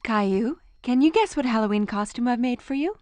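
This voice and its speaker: An actress voicing a patient cartoon mother of a young boy, talking in a gentle, coaxing way. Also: on the high side, lively intonation, a little fast, no echo, faint music behind, natural voice.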